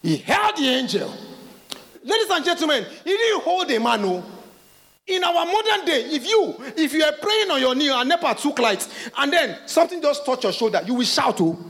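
Nigerian man, middle-aged pastor, very high voice, lively swooping delivery, preaching. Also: moderate pace. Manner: animated preaching, acts out quoted voices, laughs, calls out. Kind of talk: sermon.

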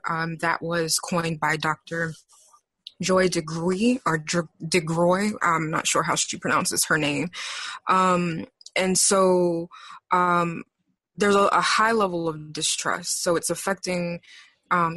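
A woman therapist talks through her work in a low, steady voice. She explains carefully, pausing often between thoughts. The sound is dry and close. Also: no room sound. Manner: measured, explanatory, frequent pauses. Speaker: therapist, interview guest. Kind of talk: professional conversation.

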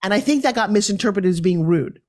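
A woman from New York, a podcast guest, telling her story in an animated and forthright way. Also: mid-range voice, quick pace.

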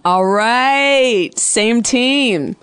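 A woman hosting a call-in radio show, quick and jokey, saying she is a bit sick. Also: fairly high pitch, a bit bright, clean tone, no room sound. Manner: fast, bubbly and joking, with frequent laughs. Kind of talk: casual call-in chat.

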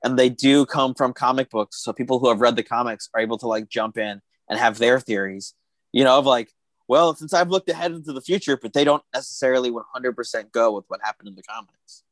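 A man of ordinary pitch chats casually, spinning out long animated stretches and slipping into quoted asides. His voice sits close and dry on the mic, with no room sound around it. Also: a little fast, dry recording. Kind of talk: casual chat about TV shows.

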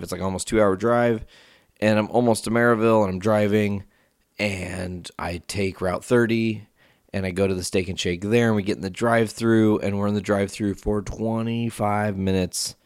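A man hosting his own podcast, telling a story in a casual, profane, ranting way that jumps up in pitch when he gets worked up. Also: steady tone, normal speed, clean tone, no echo, clean studio sound. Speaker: podcast host.

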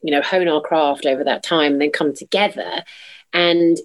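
Guest: bubbly thirties actress, lowish voice, animated storyteller who acts out quotes. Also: female voice, normal speed. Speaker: musical theatre actress, guest. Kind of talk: casual interview chat.

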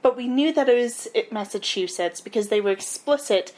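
A woman's voice: fairly high pitch, fairly quick, a little mellow. A woman co-hosting a podcast, chiming in with wry comments and laughing easily. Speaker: podcast co-host. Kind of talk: casual movie discussion chat.

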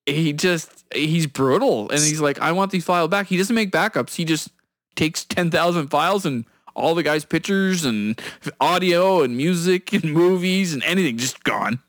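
A podcast co-host tells a story in casual chat, animatedly acting out the people in it. His voice sits a little high and moves at a normal speed. The studio-quality recording has no room sound.

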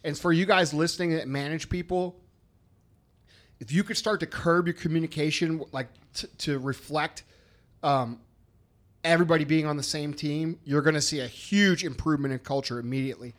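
A man's voice: on the high side, moderate pace. A man co-hosting a business podcast, talking bluntly and emphatically with lots of swearing. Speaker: podcast co-host. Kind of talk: casual business podcast chat.

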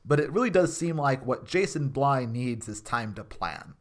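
A podcast co-host giving playful, animated commentary and quick jokes in casual chat. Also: medium pitch.

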